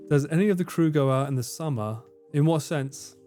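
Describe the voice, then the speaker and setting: Casual British man chatting on a stream. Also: fairly high pitch. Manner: relaxed, swears freely and laughs often. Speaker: livestream host. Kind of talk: casual stream chat, reading out viewer comments. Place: room at home with air conditioning running.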